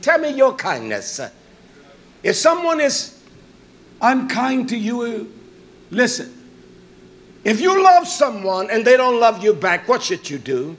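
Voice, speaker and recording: A man preaching a sermon, emphatic, rising to shouts and dropping to soft asides. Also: very high voice, sing-song, unhurried.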